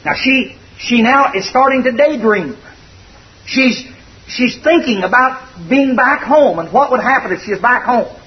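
A man's voice: very high-pitched, lively intonation, a little slow. A man preaching a sermon in a folksy, conversational and earnest way. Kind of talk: expository sermon. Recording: dull distant recording.

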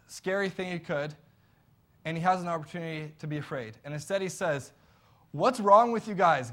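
A man preaching a sermon in an earnest, conversational storytelling way. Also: a little high.

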